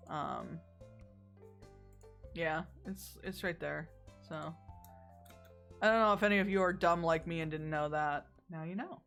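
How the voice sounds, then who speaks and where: Chatty lady streamer just talking while she plays, middle pitch, reading stuff off screen, little music in back. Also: fairly bright tone. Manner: chatty, joking, reads game text aloud. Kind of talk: casual live-stream gameplay chat.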